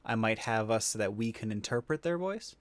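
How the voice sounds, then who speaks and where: A man's voice: lowish voice, expressive, fairly quick. A man hosting a casual podcast, rambling and swearing freely with frequent restarts. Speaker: podcast host. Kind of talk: casual chat.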